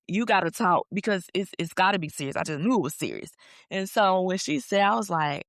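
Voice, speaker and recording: A woman's voice: medium pitch, lively intonation, brisk, fairly bright tone, no echo, clean studio sound. A woman hosting a faith podcast, chatting casually and animatedly, acting out her own thoughts as she tells stories. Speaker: podcast host.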